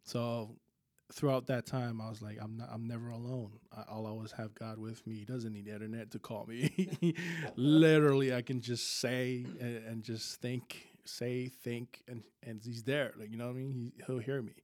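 Voice of a man in a relaxed podcast conversation, recounting a story in loose everyday slang. He laughs easily, breaks off mid-phrase and starts over, with a middle pitch for a man. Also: normal speed. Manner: slangy, laughs often, trails off in restarts. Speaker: podcast guest.

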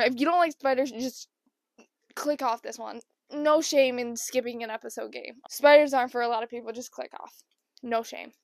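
A young woman hosting a podcast, telling a funny story in a casual, animated way and acting out the people she quotes. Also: high-pitched, vocal fry, no room sound. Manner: animated, acts out quoted people with changed voices. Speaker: podcast host.

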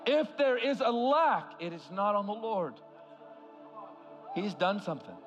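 Impassioned high-voiced male preacher. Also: lively intonation, a little slow, highs cut off, soft background music. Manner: impassioned preaching, swings from loud to hushed. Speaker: guest preacher. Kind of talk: sermon. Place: large church hall.

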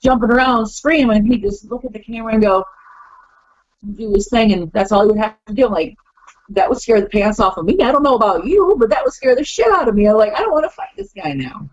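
Female podcast guest, lo-fi call-in sound, animated storyteller who does voices. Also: on the high side, quick pace, no echo. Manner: animated, acts out quotes in funny voices. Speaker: wrestler guest. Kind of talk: casual podcast chat. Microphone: call-in line.

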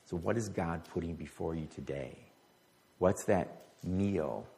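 A man's voice: sits low, measured pace, gravelly, dark tone. A middle-aged man preaching a sermon as pastor, talking conversationally and stumbling over words at times. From United States.

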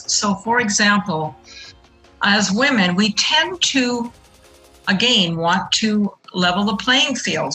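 A middle-aged woman with a bright, forceful voice explains her points earnestly in an interview and leans hard on the key words. Faint music plays quietly underneath. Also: medium pitch, low-quality recording. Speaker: guest. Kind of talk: interview answer.

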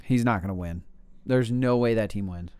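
A man's voice: lowish voice, moderate pace, a little mellow, clean tone, dry recording. A man in casual fantasy football chat, blunt and opinionated, stammering on restarts. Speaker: podcast co-host.

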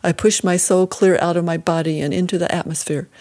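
A woman reading a first-person story as an audiobook narrator, steady and measured. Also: on the low side.

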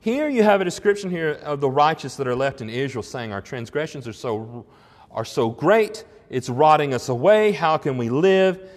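A man's voice: on the high side, expressive, normal speed, long reverb tail. A man preaching a sermon in an earnest, conversational way, rising into emphatic swells on key points. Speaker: pastor.

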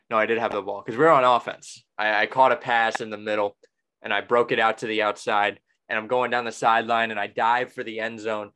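A man's voice: lowish voice, pushed and bright, clean tone. Rambling young man telling a story. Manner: rambling, self-correcting storyteller. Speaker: podcast host. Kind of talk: casual podcast chat.

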